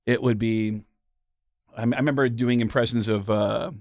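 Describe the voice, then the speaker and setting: A middle-aged male comedian chatting as a guest, telling loose stories full of ums and uhs. His voice sits at a mid pitch, close and dry on the mic. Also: steady tone, normal speed, no echo. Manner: loose storytelling with frequent fillers and laughs. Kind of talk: casual interview chat.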